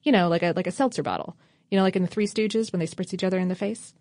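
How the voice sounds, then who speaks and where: A woman's voice: lowish voice, racing, darkish tone, dry recording, studio quality. A woman co-hosting a casual history podcast, reading out facts with wry offhand asides. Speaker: podcast co-host.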